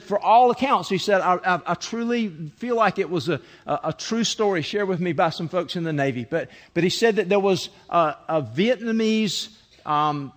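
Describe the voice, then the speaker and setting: A man preaching a sermon, telling a story in an earnest way and often repeating words as he starts a phrase. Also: high-pitched. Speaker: pastor. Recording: long reverb of a large hall.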